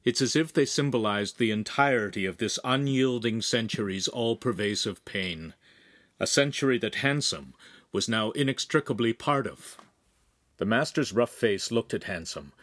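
A man narrating a young adult novel in a steady, measured way. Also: on the low side, no echo. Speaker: audiobook narrator. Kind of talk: scripted audiobook narration.

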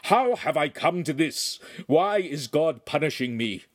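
Male narrator as a furious middle-aged master, loud and bitter, lively storybook reading. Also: a little high, measured pace, dry recording, studio quality, pitched above the performer's own voice. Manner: roaring, bitter.

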